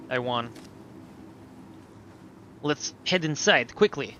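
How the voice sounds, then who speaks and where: Male let's play host, animated and sharp-voiced, jokey commentary, dull lo-fi sound. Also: fairly high pitch, brisk, a little hiss or hum. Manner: lively, swearing, joking asides. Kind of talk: casual gameplay commentary.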